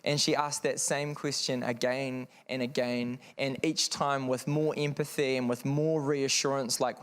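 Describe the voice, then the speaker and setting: A man's voice: medium pitch, little pitch movement, moderate pace, hardly any pauses, clear, resonant tone. A man speaking frankly to parents in a seminar room, telling a personal story in a conversational, earnest way with wry asides.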